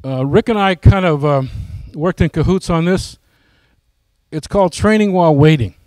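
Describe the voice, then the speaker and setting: A man's voice: fairly high pitch, moderate pace, a little mellow, dry recording. A man giving a casual, folksy presentation to his flying club, often asking the audience questions.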